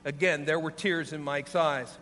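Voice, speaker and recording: An earnest male preacher telling a sermon story with a slightly high voice. His speech carries a long hall reverb, with a faint hum underneath. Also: normal speed. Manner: earnest, animated.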